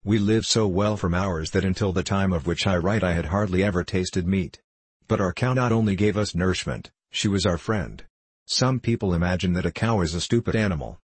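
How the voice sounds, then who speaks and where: Low husky male audiobook narrator. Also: no room sound. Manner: measured, steady reading.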